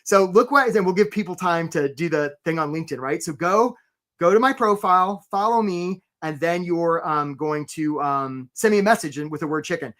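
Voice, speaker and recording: A man's voice: fairly high pitch, normal speed, fairly bright tone. A man hosting a live career webinar, talking energetically and conversationally and often checking in with "right?".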